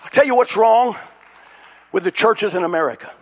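An older man preaching a sermon as pastor, telling stories and building to shouted climaxes. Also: high voice, moderate pace, slightly rough. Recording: dull lo-fi sound.

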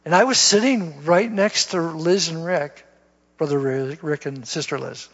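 A man's voice: a little high, measured pace. A man telling his conversion story in a sermon testimony, folksy and laughing at himself. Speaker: guest speaker giving testimony. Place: church. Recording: dull lo-fi church recording with long reverb.

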